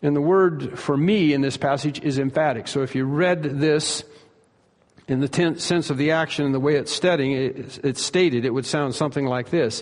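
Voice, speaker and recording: Emphatic preacher in a reverberant hall. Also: male voice, fairly high pitch. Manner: emphatic, repeats key phrases and slows on them. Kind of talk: sermon.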